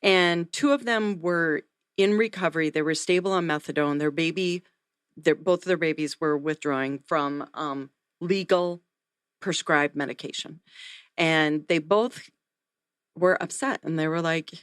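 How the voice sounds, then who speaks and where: A woman, a neonatal nurse practitioner, telling a story in an interview, earnest and animated. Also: low-pitched, measured pace, clean tone, no echo, studio quality. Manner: earnest, animated retelling with acted quotes.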